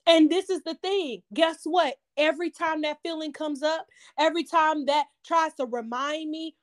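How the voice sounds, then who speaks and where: Casual: high-pitched woman host preaching hard, repeats lines for punch. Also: fairly even intonation, normal speed. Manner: emphatic, repeating phrases like a sermon. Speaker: podcast host. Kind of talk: impassioned testimony, preaching cadence.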